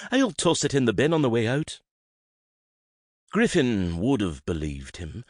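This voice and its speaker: A man reading a romance novel aloud as audiobook narrator, expressive and shifting into character voices. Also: sits low, husky, dry recording, clean studio sound.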